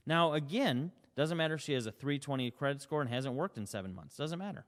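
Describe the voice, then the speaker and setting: A man's voice: a little high, expressive, fast talker, few pauses, in a large hall. A man giving an emphatic sales presentation, asking rhetorical questions and acting out short dialogues. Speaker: company CEO presenting.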